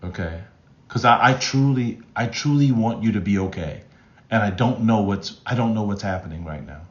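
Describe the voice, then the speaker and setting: A man's voice: on the low side, normal speed. A man hosting a live stream as a relationship coach, reading chat comments and talking emphatically, repeating his key phrases and often restarting his sentences. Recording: roomy, slightly dull sound.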